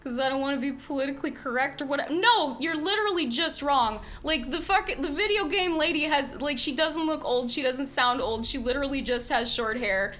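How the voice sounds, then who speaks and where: A woman's voice: high voice, normal speed, fairly bright tone, a little hiss or hum. A woman streaming a video game, chatting casually and with exasperation, swearing often. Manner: exasperated, swearing, frequent laughs.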